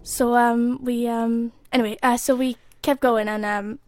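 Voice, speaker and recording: A woman's voice: a little high, steady tone, unhurried, dry recording, studio quality. Giggly woman telling a story. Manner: giggly, self-deprecating storyteller. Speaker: podcast co-host. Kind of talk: casual chat.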